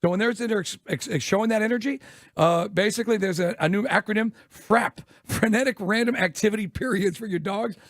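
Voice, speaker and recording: A man co-hosting a sports radio show, telling stories quickly and laughing often. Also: sits high, no echo, studio quality. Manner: rapid storytelling, laughs often. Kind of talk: casual radio chat.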